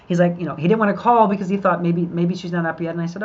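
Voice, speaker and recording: A middle-aged podcast host chats upbeat with viewers on a live show, addressing her listeners directly. Her lowish, darkish voice moves fast with fairly even intonation, and the recording has a dull lo-fi quality.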